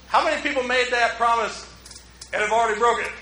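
A man preaching a relaxed, conversational sermon as pastor, joking at his own expense and drawing in the congregation. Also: very high-pitched, fast talker, slight background noise. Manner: joking, self-mocking, talks with the congregation. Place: church. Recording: roomy hall echo.

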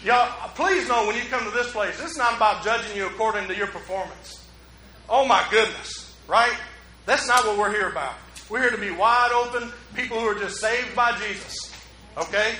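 Man, pastor, bright tense voice, self-mocking humor, church echo, faint ambience. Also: high voice, moderate pace, a little hiss or hum. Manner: joking, self-mocking, talks with the congregation. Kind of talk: conversational sermon. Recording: roomy hall echo.

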